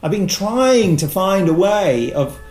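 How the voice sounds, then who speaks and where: A man's voice: high voice, slow. A man guesting on a podcast, chatting casually and telling anecdotes, often putting on the voices of people he quotes. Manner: chatty anecdotes, animated quoting of others. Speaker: guest, voice actor. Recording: echoey room.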